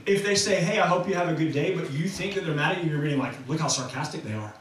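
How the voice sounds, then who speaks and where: High-pitched guy preaching, chatty and stop-start, big echoey church sound from a ways off. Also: very fast, a bit bright, distant mic, slight background noise. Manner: conversational, many restarts and fillers. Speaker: pastor. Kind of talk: sermon. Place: church sanctuary.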